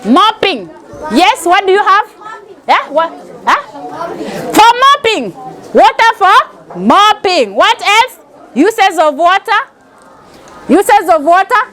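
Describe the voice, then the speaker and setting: A woman's voice: very high voice, sing-song, slow, pauses often, sharp tone, some chatter behind. A woman with a Kenyan accent teaching a pre-primary class, calling out questions and having the children repeat answers. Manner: call-and-response, mixes in Swahili phrases.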